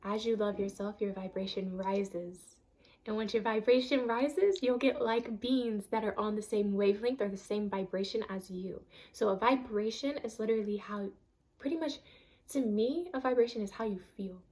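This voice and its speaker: A woman's voice: mid-range voice, moderate pace, a little mellow. A woman giving an earnest, emphatic self-help talk on a vlog, repeating phrases for stress. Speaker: vlogger.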